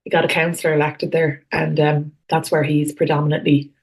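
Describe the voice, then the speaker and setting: Female podcast co-host, low voice, dry humour, frank opinions. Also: level tone, brisk, a little mellow. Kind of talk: casual political chat.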